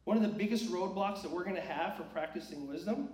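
A male preacher with a fairly high voice delivers an earnest sermon, pressing his point with rhetorical questions. He sounds set back from the mic in a reverberant church sanctuary. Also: quick pace, few pauses, darkish tone. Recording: echoey church hall, distant mic.

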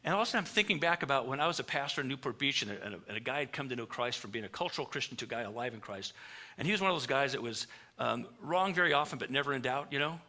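A middle-aged man preaches in a storytelling way, bringing every story to life by acting out the voices he quotes. His voice has a very bright, sharp edge, and it sits at a medium pitch. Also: rapid-fire. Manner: animated, acts out quoted dialogue. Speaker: pastor. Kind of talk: storytelling sermon.

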